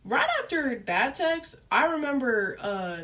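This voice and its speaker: A young woman vlogger telling a casual story, animated and full of fillers like "like" and "um". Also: high voice, unhurried, muffled recording. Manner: animated, lively retelling with frequent fillers. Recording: voice picked up from a distance.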